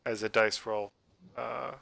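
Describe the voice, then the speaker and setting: A male game master walks players through the rules of his tabletop game, stopping and restarting with plenty of ums and uhs. His voice is bright and clean, and the sound is dry and close on a computer mic over a call. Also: fairly low pitch, flat delivery, gravelly, no echo. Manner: rambling, halting with many fillers.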